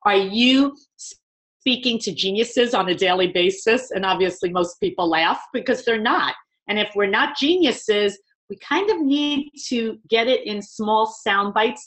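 A woman's voice: medium pitch, a bit bright. A woman with a New York accent, a communication trainer speaking emphatically in a webinar conversation.

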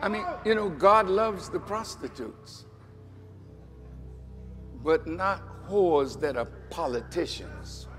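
Male minister, high register, measured dramatic preaching, faint music under. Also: expressive, in a large hall. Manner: dramatic preaching, swinging from hushed to shouting. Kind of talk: sermon.

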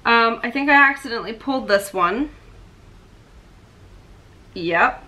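Young woman vlogging her collection, bright and chatty, gets all emotional. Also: on the high side, measured pace. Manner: chatty and emotional, fan excitement. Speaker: vlogger showing a merch collection. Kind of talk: casual chat.

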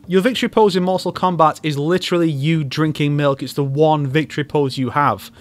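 A man's voice: fairly high pitch, fairly even intonation, fairly quick, few pauses. A man hosting a YouTube video, giving comedic commentary with wry, sarcastic asides. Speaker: YouTuber host.

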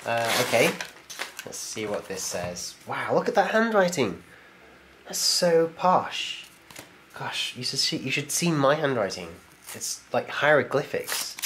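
Guy opening fan mail, chatty and excited, laughs a lot, faint background hiss. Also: medium pitch, normal speed. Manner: chatty and enthusiastic, laughs often, talks to the camera. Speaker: YouTube channel host opening viewer mail. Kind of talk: casual chat, reading letters aloud.

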